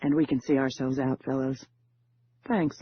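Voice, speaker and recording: A man voicing a confident female con artist who speaks smoothly and self-assured. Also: mid-range voice, little pitch movement, normal speed, dull audio, slight background noise, close to an everyday voice. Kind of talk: audiobook character voice.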